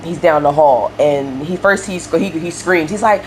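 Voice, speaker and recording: Young adult woman, low voice, loose rambling game-commentary chat. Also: normal speed, hardly any pauses, a little mellow, a little hiss or hum. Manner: rambling storyteller, many fillers and laughs. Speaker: game streamer building a house. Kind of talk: casual chat while playing.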